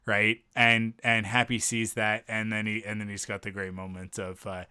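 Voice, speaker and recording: Man, podcast co-host, casual chat, enthusiastic, smooth resonant voice, dry room. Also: fairly low pitch, normal speed, hardly any pauses, no room sound. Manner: enthusiastic, animated retelling with frequent restarts. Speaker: podcast co-host reviewing a film.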